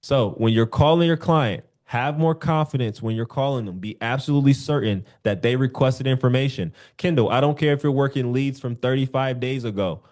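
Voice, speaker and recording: A young male sales coach talks to his agents on a group call. He is animated and acts out little phone scripts to make his points, his voice sitting in an ordinary middle register. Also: mid-range voice.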